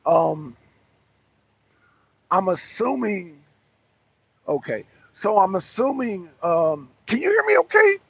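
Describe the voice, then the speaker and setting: A man's voice: high-pitched, very animated, slow, creaky, pauses often, a bit bright, husky, no echo. A man hosting a casual political talk show, speaking emphatically with a caller, repeating himself and restarting sentences often. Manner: emphatic and repetitive, with frequent restarts. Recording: dull lo-fi sound.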